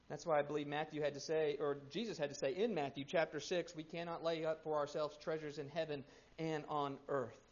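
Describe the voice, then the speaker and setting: A pastor in his thirties preaching a sermon, swinging between loud emphasis and hushed, quiet stretches. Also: on the high side. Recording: muffled lo-fi sermon recording.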